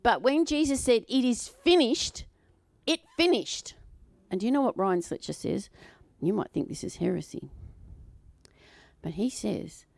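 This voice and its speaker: A woman's voice: medium pitch, big pitch swings, normal speed, gravelly, a little mellow, no room sound. A woman preaching a sermon in a chatty way, often putting questions to her audience.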